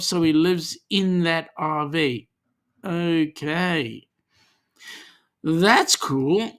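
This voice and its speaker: A man's voice: on the high side, fairly bright tone. An Australian man hosting a casual livestream, reading viewer comments aloud in a chatty, easygoing way with lots of ums. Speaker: livestream host.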